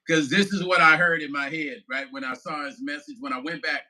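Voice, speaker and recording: A man's voice: on the high side, steady tone, normal speed, sharp tone, rough recording. A man in his fifties, a musician vlogger, chatting casually on a livestream, laughing and swearing loosely as he talks to viewers. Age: 50s.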